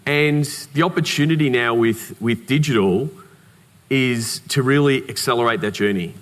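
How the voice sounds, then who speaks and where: An Australian man giving a conference keynote, telling anecdotes in a lively way with humorous asides. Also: medium pitch, moderate pace. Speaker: keynote speaker. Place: conference hall. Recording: reverberant conference hall.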